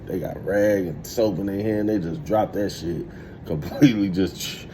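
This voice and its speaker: A man in his thirties telling a streetwise, profane story in a casual, animated monologue. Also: low-pitched, measured pace, slight background noise. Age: 30s. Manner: streetwise, profane, animated retelling with acted quotes.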